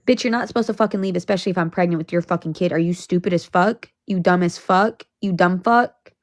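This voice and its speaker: A woman's voice: fairly low pitch, quick pace, no room sound, studio quality. A young woman telling a storytime on her vlog, blunt and profane, talking in a heated rant. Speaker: vlogger.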